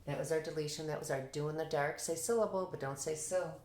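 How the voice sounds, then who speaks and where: A woman with a low voice walks teachers through a reading lesson. She speaks in an upbeat, encouraging way and gives lots of praise. The room sounds echoey around her. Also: fairly even intonation, fast, a little mellow, a little hiss or hum. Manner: upbeat, praising, demonstrates student answers. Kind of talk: instructional explanation to teachers.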